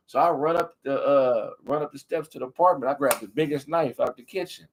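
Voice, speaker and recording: A man from Southern California, a guest comedian, tells a childhood story in an animated, profane, casual way. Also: fairly high pitch, fairly quick, hardly any pauses. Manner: animated, profane storytelling with frequent "you know what I'm saying".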